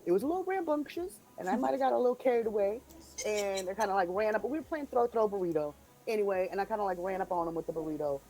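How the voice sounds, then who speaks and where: A woman guest in casual livestream chat, talking in an animated, ranting way with quick laughs. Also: mid-range voice, low-quality recording.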